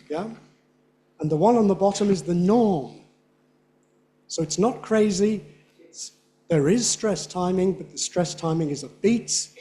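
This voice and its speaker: An older man giving a conference lecture on English pronunciation, demonstrating rhythm by repeating phrases slowly. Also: sits high, mellow. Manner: demonstrates rhythm by slow drilled repetition.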